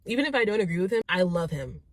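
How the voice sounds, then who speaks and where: Young woman, casual vlog, rambly and warm-hearted chat, lowish voice, close dry mic. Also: big pitch swings, quick pace, no room sound. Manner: chatty, rambling, self-correcting, enthusiastic. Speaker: vlogger answering viewer questions. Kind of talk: casual talking-to-camera vlog.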